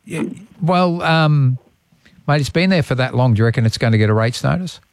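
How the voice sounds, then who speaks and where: Matey Australian radio host. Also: male voice, mid-range voice, expressive, fairly quick, dry recording. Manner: laid-back, matey, chatty. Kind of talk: casual radio chat and live reads.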